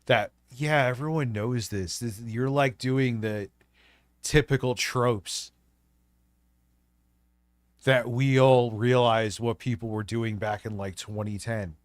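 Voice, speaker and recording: A man's voice: mid-range voice, fairly even intonation, takes it slowly, dry recording, studio quality. A man with a stuffy voice from a cold, mocking and swearing through casual commentary. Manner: blunt, mocking, swears a lot. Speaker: co-host.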